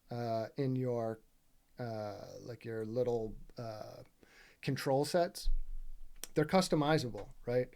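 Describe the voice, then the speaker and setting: Mellow-voiced man, casual gaming commentary, heated and profane, keeps asking the viewer to agree. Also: medium pitch. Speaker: gaming video creator. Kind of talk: casual commentary over gameplay footage.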